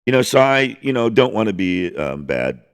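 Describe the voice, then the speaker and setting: A man's voice: on the low side, very animated, normal speed, smooth. A man hosting a casual music podcast, rambling enthusiastically with lots of restarts and the odd swear. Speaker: podcast host.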